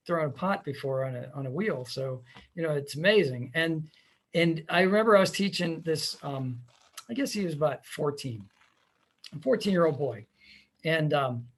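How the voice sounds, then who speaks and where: A man hosting a podcast, chatting casually and telling animated stories with laughs. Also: fairly high pitch. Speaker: podcast host. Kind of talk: casual conversation.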